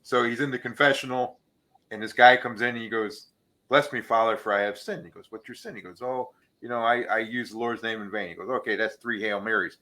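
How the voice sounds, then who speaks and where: A man's voice: medium pitch, steady tone, fairly quick, bright, forceful tone. A man hosting a casual podcast, telling jokes and laughing at his own punchlines. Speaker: podcast host.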